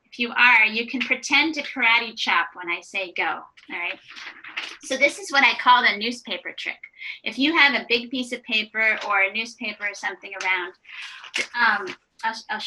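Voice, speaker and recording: A woman giving an online workshop to early childhood educators, chatting in a warm, conversational way with frequent restarts and light laughs over a video call microphone. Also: a little high, moderate pace, slight background noise. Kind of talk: live online presentation.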